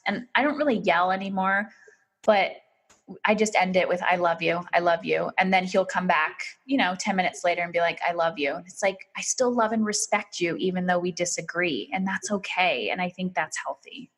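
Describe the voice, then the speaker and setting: A woman's voice: on the low side, moderate pace, fairly bright tone. A woman in her thirties, a parenting coach guest on a podcast, talking earnestly and with emphasis in a casual interview.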